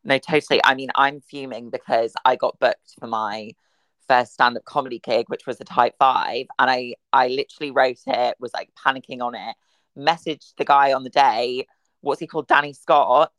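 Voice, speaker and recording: A young man with a husky voice hosting a podcast, bantering over a video call in a camp, teasing way. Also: mid-range voice, steady tone, normal speed, fairly bright tone, dry recording, poor audio. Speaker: podcast host. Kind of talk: casual chat.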